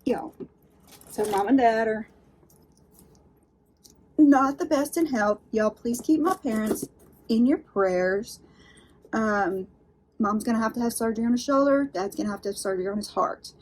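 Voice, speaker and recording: A woman's voice: a little high, normal speed, long pauses, darkish tone, a little hiss or hum. A woman with a Southern accent hosting an unboxing vlog, talking to her viewers in a chatty, folksy, rambling way. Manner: rambling, folksy, talks straight to viewers with "y'all". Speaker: unboxing channel host.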